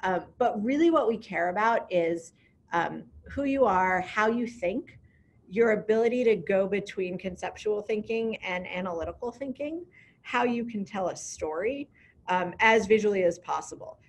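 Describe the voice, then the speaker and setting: Gravelly-voiced woman presenting casually. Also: mid-range voice, normal speed, a little hiss or hum. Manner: upbeat, conversational, frequent ums. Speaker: program director. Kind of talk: online information session.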